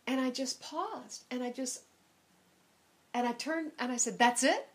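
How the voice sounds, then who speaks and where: An older woman shares a personal testimony as a lively storyteller. Her voice sits fairly high, and she acts out the scenes with dramatic emphasis and frequent repeats. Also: a little slow. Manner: animated, dramatic retelling with many repeats and quoted voices. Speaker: speaker sharing a personal testimony.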